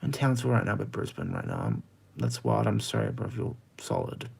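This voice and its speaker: A young Australian man in his twenties chats casually on a livestream, bluntly and with exasperation answering viewer comments. His brisk, slightly mellow voice swoops wildly in pitch, with vocal fry and a breathy edge, leaping high and indignant when he rants.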